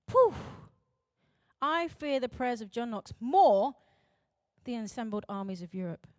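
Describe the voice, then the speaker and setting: A young adult woman pastor, preaching emphatically, swinging between loud urgent calls and quiet intense moments. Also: on the high side, lively intonation, measured pace, no echo, studio quality. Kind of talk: sermon.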